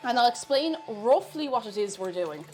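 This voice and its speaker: A woman's voice: fairly high pitch, expressive, moderate pace, darkish tone, faint music behind. Chatty Irish woman streamer. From Ireland. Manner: chatty, reads out chat messages. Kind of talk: casual live-stream chat while cooking.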